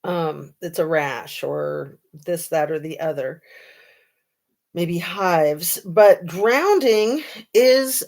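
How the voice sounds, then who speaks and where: Female livestream host, slightly low pitch, casual and sarcastic, filler-heavy chat. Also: steady tone, takes it slowly, gravelly. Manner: chatty, sarcastic, many ums and likes. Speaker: true crime livestream host.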